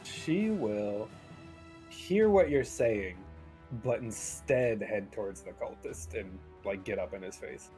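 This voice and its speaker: A man's voice: fairly low pitch, expressive, slow, warm tone, soft background music, poor audio. Joking man at a tabletop game. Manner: joking, playful. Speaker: player. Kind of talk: casual tabletop play.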